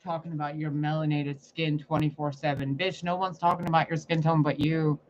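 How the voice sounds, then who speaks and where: A man's voice: on the high side, level tone, fairly quick. A man delivering a profane, confrontational spiritual rant as a psychic reader. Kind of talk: ranting spiritual monologue. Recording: muffled lo-fi recording, faint noise.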